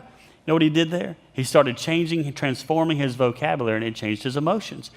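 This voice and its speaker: A man's voice: on the high side, brisk, gravelly, long reverb tail. A man giving a motivational leadership talk that mixes in scripture, telling stories and acting out the people he quotes. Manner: animated storyteller, acts out quoted voices. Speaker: leadership speaker.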